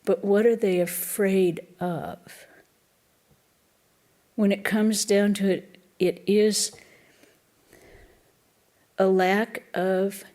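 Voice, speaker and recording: A woman, a nun, giving a reflective Easter lecture in a temple, pausing often and restarting her phrases. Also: mid-range voice, fairly even intonation, warm tone. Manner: slow and reflective, with pauses and restarts.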